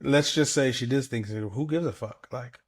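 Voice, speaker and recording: Man, podcast co-host, casual rambling chat, swears a lot, mid-pitched voice. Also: normal speed, breathy edge. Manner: rambling, loose, swears freely, fills with "like" and "you know".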